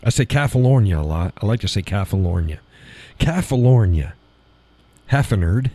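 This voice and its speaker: A man hosting a live stream in casual chat, playful and quick to laugh, toying with how words sound. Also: sits low, animated, mellow, slightly rough. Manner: chatty, playful, laughs often, toys with word sounds.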